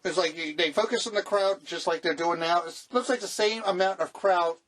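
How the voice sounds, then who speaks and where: A man's voice: high-pitched, fairly quick, a bit bright. A middle-aged man co-hosting a casual podcast, blunt and profane, with lots of filler words. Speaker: podcast co-host. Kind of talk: casual chat.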